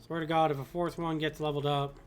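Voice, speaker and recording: A man's voice: on the high side, level tone, fast, a little hiss or hum. A man streaming a game, chatting casually, reading game text aloud and making jokey outbursts. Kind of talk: casual let's-play commentary. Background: faint game music.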